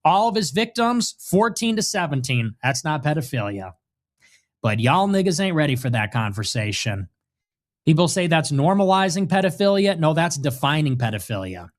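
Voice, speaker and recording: A man's voice: fairly high pitch, big pitch swings, normal speed. A man giving a provocative monologue in a brash, combative, preachy manner.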